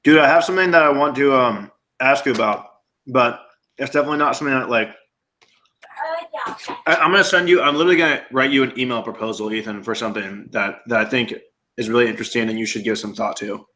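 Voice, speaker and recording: Bright, animated male live-streamer. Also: medium pitch, quick pace. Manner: animated, laughs often. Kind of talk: casual chat.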